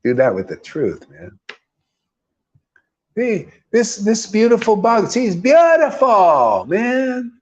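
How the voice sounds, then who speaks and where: Slow and pausing often, a middle-aged man's high-sitting voice swings hugely in pitch as he gives an informal scripture sermon. A spiritual teacher, he's emphatic, poses rhetorical questions, repeats key words and keeps calling his audience "man," all on a dull lo-fi recording.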